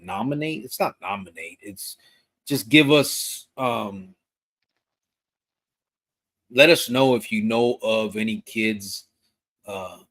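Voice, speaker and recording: A man with a fairly low voice hosts a live podcast. He reads viewer comments aloud and talks in a relaxed, rambling way, stopping and restarting as he goes. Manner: relaxed, loose, with fillers and restarts. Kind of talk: casual live-stream chat.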